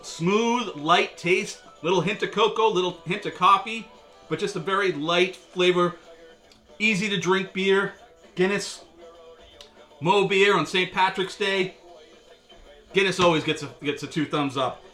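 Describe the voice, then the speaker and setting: A man's voice: high voice, measured pace, pauses often, bright, forceful tone, soft background music. A man hosting a casual beer review video, chatty and wry, with a lot of filler words. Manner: chatty, joking, with frequent filler; wry and sarcastic.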